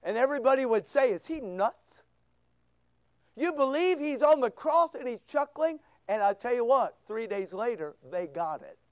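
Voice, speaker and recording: A man preaching a sermon as pastor, full of rhetorical questions, swinging between loud bursts and hushed asides. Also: extremely high pitch, expressive, normal speed, hardly any pauses, clear, resonant tone, dry recording. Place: church.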